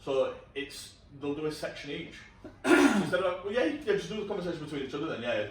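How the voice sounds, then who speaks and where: Guy talking fast, setting up the segment, echoey off-mic sound. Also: on the high side, sing-song, a little hiss or hum. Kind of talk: casual podcast hosting. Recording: very echoey room, distant mic.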